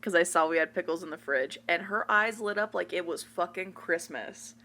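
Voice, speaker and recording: A woman's voice: fairly low pitch, normal speed, sharp tone, a little hiss or hum. A woman co-hosting a podcast, chatting frankly and telling stories with casual swearing. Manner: frank, swears freely, storytelling. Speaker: podcast co-host. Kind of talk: casual chat.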